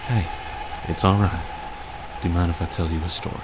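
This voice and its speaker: A man playing a steady young adventurer who calms a friend with a story. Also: deep voice, brisk, noisy background, lightly acted. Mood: calming.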